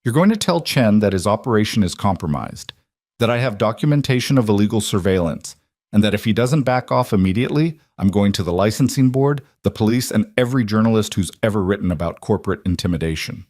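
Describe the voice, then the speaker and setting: A man's voice: fairly low pitch, expressive, quick pace, a little mellow, no room sound, studio quality. A man voicing a determined, guarded single father who talks in clipped, confrontational lines. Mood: firm.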